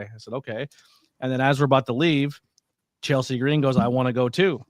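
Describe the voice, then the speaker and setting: A man telling stories on a podcast, recorded dry and close with no room sound. His voice sits in a middle pitch, and he acts out the quotes in his anecdotes. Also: brisk, no room sound. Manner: animated storyteller acting out quotes. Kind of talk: casual podcast chat.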